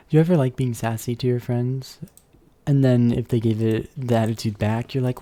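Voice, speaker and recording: A man's voice: mid-range voice, steady tone, moderate pace, gravelly, warm tone. A man chatting casually on a live stream from home, rambling and playful, full of asides. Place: warm room at home. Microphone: desk microphone. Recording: slight background hum.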